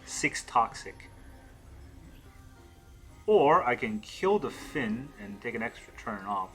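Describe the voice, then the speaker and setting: A man's voice: medium pitch, sing-song, slow pace, fairly bright tone, faint music behind. A man thinking aloud as he plays a digital card game, counting cards and questioning his own moves. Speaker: gameplay streamer.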